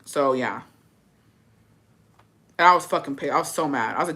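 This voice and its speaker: A young woman hosting a livestream, telling a story in a rapid, profane, casual way and dropping in Spanish words. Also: mid-range voice, lively intonation, bright, forceful tone. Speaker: livestream host.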